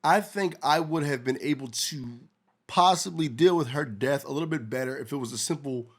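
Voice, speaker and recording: A man co-hosting a casual show reaction, excitable and profane, often repeating words as he gets going. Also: mid-range voice, normal speed. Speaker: co-host reacting to a TV episode.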